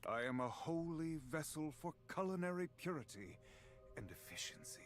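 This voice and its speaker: An actor playing a haughty, preachy air fryer priest in a video game, speaking in solemn, contemptuous sermon tones. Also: male voice, on the high side, lively intonation, moderate pace, faint music behind, natural voice.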